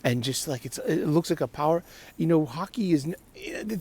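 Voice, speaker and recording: A man's voice: fairly high pitch, lively intonation, normal speed, darkish tone, slightly rough. A man hosting a casual solo talk show, rambling with frequent restarts and laughter. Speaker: podcast host.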